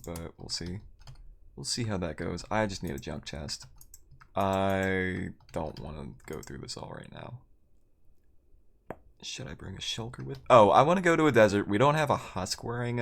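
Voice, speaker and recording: A man's voice: low-pitched, gravelly, a little hiss or hum. A man chatting casually with his viewers while he plays a game on a live stream, rambling and poking fun at himself.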